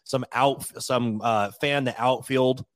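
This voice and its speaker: A man's voice: medium pitch, fairly even intonation, a little slow, no room sound. A man hosting a casual podcast, joking and loose, with some swearing. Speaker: podcast host.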